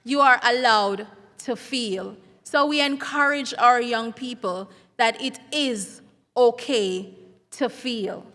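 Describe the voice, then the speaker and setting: A woman's voice: fairly high pitch, sharp tone. Earnest woman counselor speaking in a hall. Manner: earnest, measured, heartfelt. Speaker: school counselor. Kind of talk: symposium speech. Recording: reverberant hall sound.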